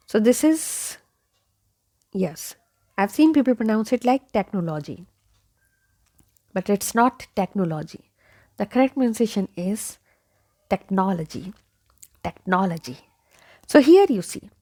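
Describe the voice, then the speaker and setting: A woman's voice: on the high side, darkish tone. A woman teaching English pronunciation, repeating each word several times and checking in with 'okay?'. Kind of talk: slow pronunciation lesson.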